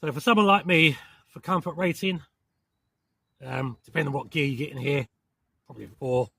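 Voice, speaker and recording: A man's voice: fairly high pitch, brisk, gravelly, pushed and bright, breathy edge, no room sound. A man from southern England with a southern English accent, chatting casually to camera from inside a small hot tent in woodland, rambling and swearing mildly, then apologising for it. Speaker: camping vlogger.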